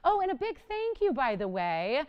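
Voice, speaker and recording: A woman's voice: high voice, very animated, normal speed, lo-fi sound. A middle-aged woman hosting a live home-shopping jewelry show, talking in a chatty, enthusiastic and emphatic selling manner.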